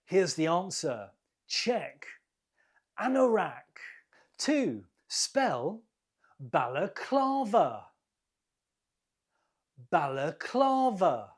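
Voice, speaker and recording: A British woman leads an English quiz, stretching each word out at a very slow, careful pace. Her voice has a breathy, slightly husky edge, and her pitch moves up and down a lot as she repeats answers for learners. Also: sing-song. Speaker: English teacher hosting a quiz. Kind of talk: slow, clear quiz teaching.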